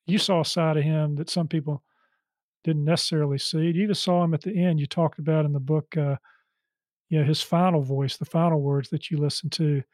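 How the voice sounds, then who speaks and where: A male interviewer talks with his guest, summing up the guest's story and leading into questions. His voice sits fairly high for a man. The recording is dry and close, with no room sound, and his delivery is loose and full of fillers. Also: steady tone, fairly quick, darkish tone, no room sound. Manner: prompting, summarizing, many fillers. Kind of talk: conversational interview.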